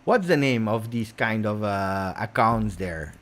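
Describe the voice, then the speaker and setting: A man's voice: on the low side, animated, measured pace. An Italian-accented man hosting a football livestream, chatting casually and reading out viewer messages with many fillers. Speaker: football channel host.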